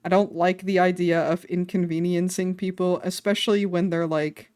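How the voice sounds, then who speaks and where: A woman streamer chatting casually on a live stream, self-deprecating and quick to laugh. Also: fairly low pitch, flat delivery, darkish tone, dry recording. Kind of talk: casual livestream chat.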